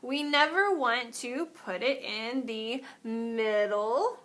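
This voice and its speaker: A woman's voice: on the high side, slow, a bit bright. A woman teaching an art lesson, explaining step by step while demonstrating on paper and sometimes moving away from the mic.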